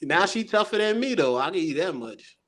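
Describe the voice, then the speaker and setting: A man, a podcast co-host telling lively childhood anecdotes in casual chat. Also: sits high, fairly quick. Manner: lively anecdotes, mimics voices.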